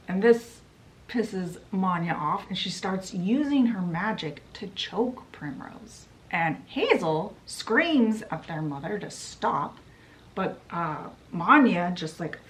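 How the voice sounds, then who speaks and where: A woman's voice: medium pitch, a bit bright, poor audio. A young woman retelling a novel's plot in a casual, chatty vlog style. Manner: storytelling with fillers like "she's like". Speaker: book vlogger. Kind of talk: casual book summary.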